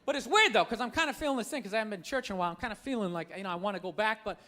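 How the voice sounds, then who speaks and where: A man's voice: high voice, very fast, bright, forceful tone, a faint crowd. A man doing a stand-up comedy routine on stage, ranting in an exasperated, profane way. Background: audience laughter.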